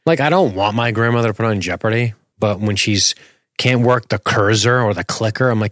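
A man co-hosting a casual rewatch chat, relaxed, joking and profane. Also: on the low side, brisk, dry recording, clean studio sound. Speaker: podcast co-host.

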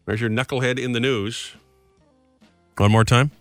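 A man in his forties hosting a morning radio show, joking and animated. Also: mid-range voice, moderate pace, dry recording, soft background music. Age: 40s. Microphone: studio mic.

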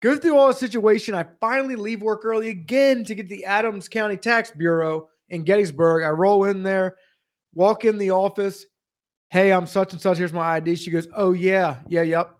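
Brief: young male podcast host with a high voice, profane animated ranter. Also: normal speed. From Pennsylvania. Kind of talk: casual comedic storytelling.

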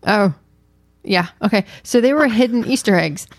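A woman's voice: mid-range voice, expressive, moderate pace, no room sound. A woman co-hosting a casual chat with her wife, playful and teasing, often laughing. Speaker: podcast co-host.

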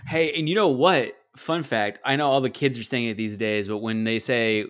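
A man's voice: medium pitch, normal speed. A man as a podcast guest, chatting casually about a film, quoting lines and sharing trivia. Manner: relaxed, chimes in with quotes and fun facts. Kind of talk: casual movie podcast chat.

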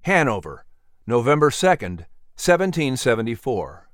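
A man's voice: mid-range voice, big pitch swings, no room sound, clean studio sound. Man narrating a historical story. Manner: measured storytelling.

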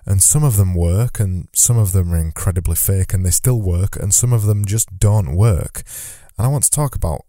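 A man with a low voice and a very dark, mellow tone hosts a solo podcast from his notes. He talks loosely and conversationally, circling back on his phrases as he thinks aloud. The sound is dry and close on the mic. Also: moderate pace, no echo. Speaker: podcast host. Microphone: studio microphone.

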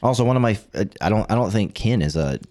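A man's voice: fairly low pitch, lively intonation, quick pace, dark tone. A man co-hosting a casual podcast, joking and telling things animatedly with frequent laughs. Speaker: podcast co-host. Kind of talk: casual chat.

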